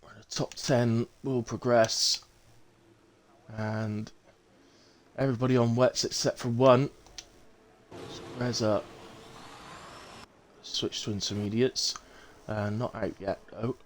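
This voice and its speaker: A young man with a West Country English accent calls a sim race live. He chats casually with viewers, correcting himself as he goes, in a voice of ordinary pitch. A faint noise sits under his close mic. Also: slow, long pauses. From England. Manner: chatty, relaxed, with frequent fillers and self-corrections. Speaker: sim racing commentator and streamer. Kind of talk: live stream race commentary with chat reading.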